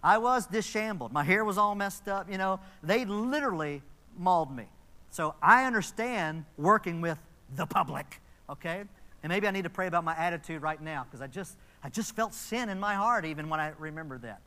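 In a high-pitched, animated, pushed and bright voice, a fifties-aged pastor preaches fairly quickly in church. The sermon is conversational storytelling, peppered with asides to the congregation.

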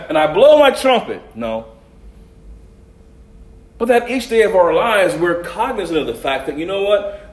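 A man preaching a sermon as pastor, with loud stressed words and quiet asides. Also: fairly high pitch, echoey room.

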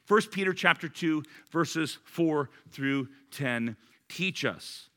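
A middle-aged man preaches with a slightly high, very bright tone. He tells stories in an animated way and plays each speaker in a conversation before he moves on to the point of his sermon. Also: slow pace. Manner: animated storyteller, acts out both sides of a dialogue. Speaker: pastor. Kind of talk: sermon with a personal story.

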